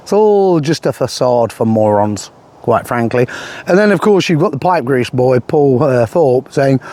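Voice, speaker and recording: A man's voice: medium pitch, animated, unhurried, darkish tone. A man giving a sarcastic political commentary monologue, scornful and rambling with many fillers.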